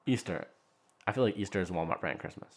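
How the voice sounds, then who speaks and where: A young man co-hosting a podcast, chatting casually and getting animated, with casual swearing. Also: sits low. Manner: animated, quick, swears casually, gets worked up. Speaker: podcast co-host. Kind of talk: casual chat.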